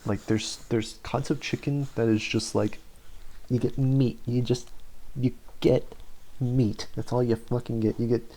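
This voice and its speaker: A man's voice: mid-range voice, level tone, unhurried, dark tone. A young man hosting a podcast, rambling through a casual tier-list chat with lots of swearing, restarts and fillers. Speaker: podcast host.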